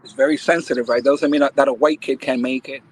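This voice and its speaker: A middle-aged man from the Bronx, a baseball academy owner, speaking as a podcast guest in an emphatic, animated way and laughing often. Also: medium pitch, fairly quick, low-quality recording. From Bronx, New York. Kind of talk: casual podcast interview.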